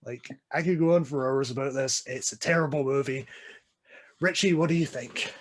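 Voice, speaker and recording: A man's voice: medium pitch, moderate pace. A Scottish man co-hosting a casual film chat, ranting emphatically and with passion. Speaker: podcast co-host.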